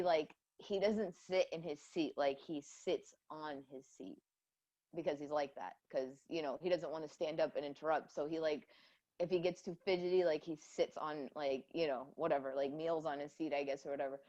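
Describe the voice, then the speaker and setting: Young woman co-host, lower voice, blunt and sweary, frequent laughter, muffled sound. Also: steady tone, moderate pace, mellow. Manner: blunt, profane, laughs often. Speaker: podcast co-host. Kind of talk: casual chat.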